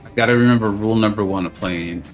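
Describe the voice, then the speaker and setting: A man with a lowish voice talks quickly, chatting casually and joking with viewers by name as he streams a game, with faint music in the background.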